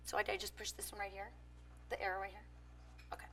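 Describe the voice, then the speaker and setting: A woman's voice: mid-range voice, flat delivery, quick pace, a bit bright. A woman in her forties giving a public talk, mixing personal stories with points, conversational with frequent fillers. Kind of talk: public speech with personal anecdotes.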